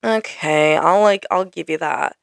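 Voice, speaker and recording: A woman's voice: deep voice, measured pace, gravelly, no echo, clean studio sound. A young woman hosting a casual ranting monologue, exasperated and full of "like" fillers. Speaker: podcast host.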